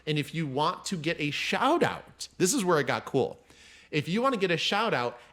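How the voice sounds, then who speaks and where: Lively man telling an animated story. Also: normal speed. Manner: animated, acts out quoted people with raised pitch. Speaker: podcast guest, mindset coach. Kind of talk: casual storytelling.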